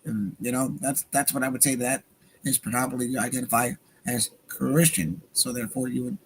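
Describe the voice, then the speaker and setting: A man doing an impression of a male political debater, lecturing with halting fillers. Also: medium pitch, steady tone, a little hiss or hum, lightly acted, poor audio.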